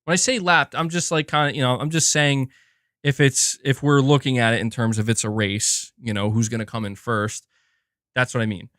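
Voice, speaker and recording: A man hosts casual gaming commentary at medium pitch and moderate pace, animated and profane. He restarts sentences and slips into mocking impressions, recorded dry with clean studio sound.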